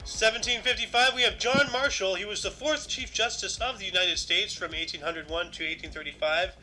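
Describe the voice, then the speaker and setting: Bright, high-voiced male podcast host. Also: fairly quick, slight background noise, rough recording. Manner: reads lists aloud, adds dry asides. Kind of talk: casual chat, reading history entries.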